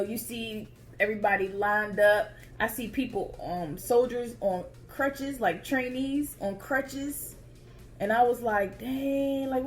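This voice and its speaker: A woman vlogger casually telling her own story to viewers in a chatty, expressive way, calling them y'all. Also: medium pitch.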